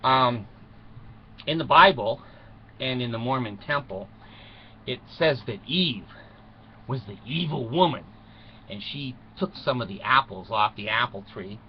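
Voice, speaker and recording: A man's voice: mid-range voice, animated, measured pace, pauses often. A man tells a mock bedtime story to children in a folksy, rambling manner, with chuckles and asides. His voice swoops up and down a lot. The recording is muffled, with faint noise in the background.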